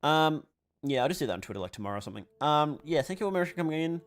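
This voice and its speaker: A tired man hosts a livestream, reading chat questions aloud, rambling, swearing casually, and laughing often as his voice wears thin and weakens. He speaks very fast, with a voice on the high side and lively intonation.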